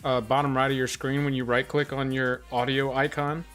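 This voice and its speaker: A man's voice: mid-range voice, flat delivery, moderate pace, a bit bright, soft background music. Playful man hosting a livestream. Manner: playful, joking, announcer-like hype. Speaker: livestream co-host. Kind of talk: casual livestream chat.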